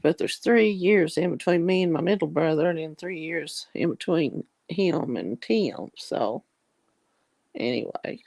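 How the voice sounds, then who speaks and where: A woman's voice: low-pitched, expressive, a little slow, vocal fry, a little mellow, no room sound. A woman, chatting casually on a video call in a folksy, drawling way. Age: 60s. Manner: chatty, folksy, yawning and laughing.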